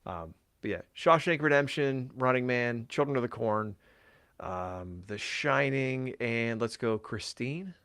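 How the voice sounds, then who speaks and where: A man's voice: medium pitch, animated, measured pace, fairly bright tone. A man chatting casually on a podcast, rambling through his thoughts with plenty of swearing and filler words. His voice sounds worn from a long day of talking. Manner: rambling, profane, lots of fillers. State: voice tired from talking all day. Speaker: podcast co-host.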